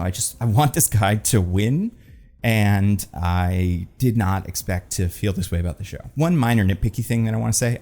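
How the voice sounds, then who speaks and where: A man's voice: lowish voice, warm tone. A man hosting a casual review vlog, talking in a rambling, enthusiastic way with lots of fillers. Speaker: film and TV critic host.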